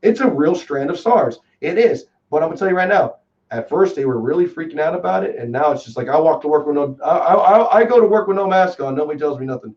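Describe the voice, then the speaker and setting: Fast-talking Texan man on a muffled call. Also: fairly high pitch. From Texas. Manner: rambling, animated storytelling with lots of fillers. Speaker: guest. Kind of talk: casual chat. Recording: distant, dull lo-fi call audio.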